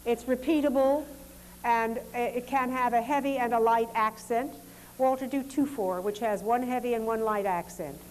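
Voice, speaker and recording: A woman with a slightly high voice runs a dance demonstration, calmly instructing performers and explaining each exercise. Her tone stays measured and polite. A faint hiss sits under her voice. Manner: calm, instructive, polite commands. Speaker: dance teacher leading a demonstration. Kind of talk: lecture demonstration, giving directions to dancers.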